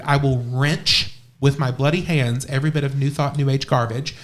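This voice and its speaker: A man of middle pitch co-hosting a live podcast, speaking with fervent, emphatic conviction. He drives his points home as if giving a short sermon. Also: fairly even intonation, normal speed, fairly bright tone, a little hiss or hum. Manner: passionate and emphatic, declaiming. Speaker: co-host, witchcraft priest.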